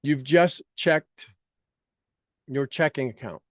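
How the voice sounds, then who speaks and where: A man's voice: medium pitch, slow pace, no echo, studio quality. A man leading an online coaching session, guiding listeners through a visualization with coaxing instructions and acted-out reactions. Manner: energetic, coaxing, acts out reactions. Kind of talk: guided visualization workshop. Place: online video call session.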